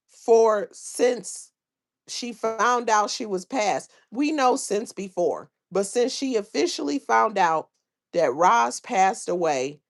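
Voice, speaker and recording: A woman hosting a livestream, chatting casually about online drama and reading viewers' comments aloud in a drawling, gossipy way. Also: medium pitch. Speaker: livestream host.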